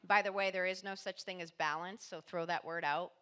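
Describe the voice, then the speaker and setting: A woman's voice: lowish voice, steady tone, brisk, bright, forceful tone, smooth. A woman mindset coach and motivational speaker in a podcast interview, talking in an emphatic, punchy motivational way.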